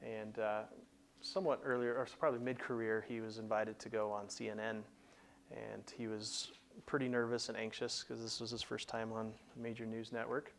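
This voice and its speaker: A man's voice: on the low side, level tone, moderate pace, vocal fry, slight background noise. A man hosting a career advice show, explaining plainly in a conversational teaching style with frequent restarts. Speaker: career coach host.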